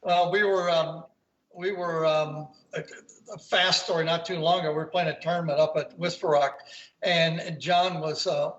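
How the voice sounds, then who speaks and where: A man's voice: fairly high pitch, steady tone, normal speed, a bit bright. An older man, a golf commentator, telling rambling anecdotes in a casual interview over a video call from home. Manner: rambling anecdotes, acts out quoted voices. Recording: roomy, dull video-call audio.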